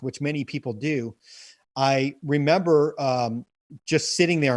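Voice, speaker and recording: A man's voice: medium pitch, dry recording, studio quality. An earnest man telling a personal story as an interview guest, often repeating words as he restarts sentences. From United States.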